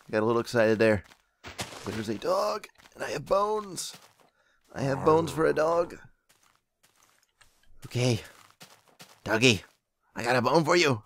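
A young man giving casual gameplay commentary as a channel host, excitable and often yelping in surprise. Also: medium pitch, measured pace, creaky, pauses often. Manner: excitable, exclaims and yelps often.

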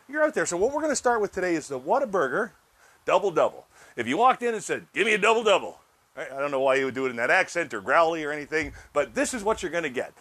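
Fairly high and a bit bright, this man's voice belongs to a cooking channel host with his own show. Demonstrating a recipe, he chats casually with viewers and tends to repeat words as he works.

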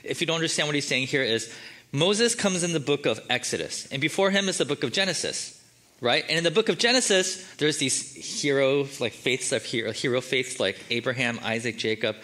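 A man's voice: mid-range voice, expressive, a little fast, pushed and bright. A man preaching a sermon as the church's pastor, in a casual, joking and conversational way.

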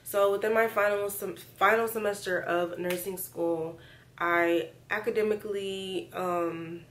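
A young woman, chatting casually to her vlog camera, excitable and full of fillers. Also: medium pitch, a little slow, a little hiss or hum, low-quality recording. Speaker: vlogger.

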